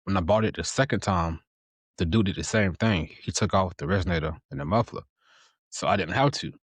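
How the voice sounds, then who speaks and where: A man hosting a casual chat, relaxed, repeating words and quoting himself as he tells a story. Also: low voice, brisk, breathy edge, no room sound. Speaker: podcast host.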